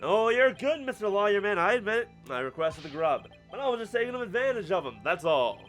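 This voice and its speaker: A man's voice: high voice, sing-song, a little fast, fairly bright tone, faint music behind. A man voicing a cocky, evasive young male rebel in a video game, with a casual, dismissive drawl. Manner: casual, dismissive drawl, talks with mouth full.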